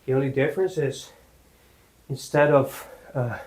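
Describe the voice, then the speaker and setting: A man giving a casual workout talk in his home gym, halting with many fillers and out of breath between sets. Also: medium pitch, darkish tone, low-quality recording. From Netherlands. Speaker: fitness vlogger.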